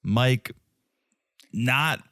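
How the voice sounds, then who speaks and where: A man's voice: mid-range voice, drawn-out words, sharp tone, dry recording, clean studio sound. A man from Connecticut co-hosting a podcast, recapping in a wry, joking way. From Connecticut, United States. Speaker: podcast co-host. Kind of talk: casual chat.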